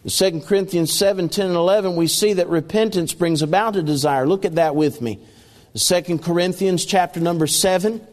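High-voiced emphatic male preacher. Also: a little fast, in a large hall. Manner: emphatic preaching with repeated phrases and scripture reading. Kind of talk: sermon.

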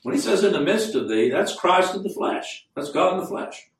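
A man preaching a sermon in an earnest voice that climbs into fervent emphasis. He slows right down to read scripture aloud. The recording is roomy and echoing, with the speaker standing well back from the microphone, as in a church sanctuary. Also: a little high, sing-song. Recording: echoey room, mic at a distance.

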